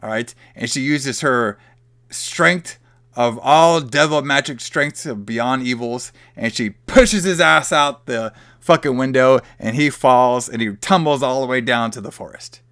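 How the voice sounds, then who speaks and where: A man's voice: mid-range voice, unhurried, fairly bright tone, no room sound, clean studio sound. A man hosting a podcast, loosely and profanely retelling a movie plot in casual chat. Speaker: podcast host.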